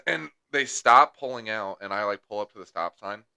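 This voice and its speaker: A man's voice: on the low side, animated, normal speed, gravelly, sharp tone, smooth, dry recording. A young man co-hosting a podcast, telling rambling stories in casual chat and swearing heavily. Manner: crude rambling storyteller, heavy swearing. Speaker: podcast co-host.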